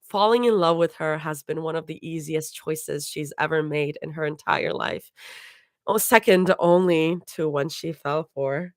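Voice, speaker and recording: A woman's voice: low-pitched, unhurried, no echo, studio quality. A woman reading fan fiction aloud live, laughing and stumbling over hard words.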